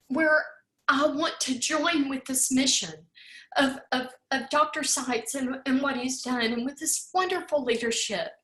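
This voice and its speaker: A tearful woman speaks in a higher register, her voice ringing in an echoey room. She talks with heartfelt emotion, repeating her words as she thanks her team. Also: a bit bright. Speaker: host of an online coffee talk. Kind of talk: emotional farewell speech.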